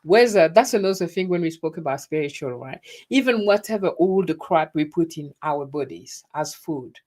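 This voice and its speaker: A woman's voice: deep voice, animated, moderate pace, a little mellow. A woman from France with a French accent, hosting a casual livestream, greeting viewers by name and often restarting her sentences. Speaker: livestream host. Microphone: webcam livestream setup.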